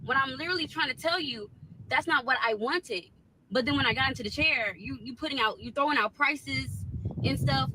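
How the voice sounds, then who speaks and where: A woman's voice: sits high, bright, forceful tone, a little hiss or hum, poor audio. A young woman telling an indignant, emphatic storytime complaint about a nail salon. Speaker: storyteller in a clip.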